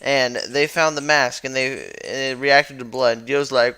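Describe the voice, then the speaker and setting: A man's voice: mid-range voice, flat delivery, moderate pace, few pauses, bright, forceful tone, clear, resonant tone. A man who jokingly recaps a story as a YouTuber, rambling and correcting himself as he goes. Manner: rambling, playful, self-correcting.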